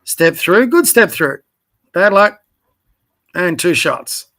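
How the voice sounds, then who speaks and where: A man's voice: sits high, very animated, slow pace, creaky, sharp tone. A man coaching youth basketball, reviewing game video in direct, corrective, encouraging talk and naming his players, tired late at night. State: tired, yawning. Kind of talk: casual video review commentary.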